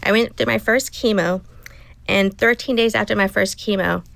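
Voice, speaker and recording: A middle-aged woman appears as a guest in a casual interview, telling a personal story with earnest emotion and acting out what she said to herself. Her voice is medium-pitched, creaky, and a bit bright, with fairly even intonation at a normal pace, recorded dry.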